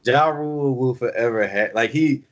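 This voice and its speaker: A man co-hosting a casual podcast chat, animated and laughing, often acting out voices. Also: medium pitch, normal speed. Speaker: podcast co-host. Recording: lo-fi sound.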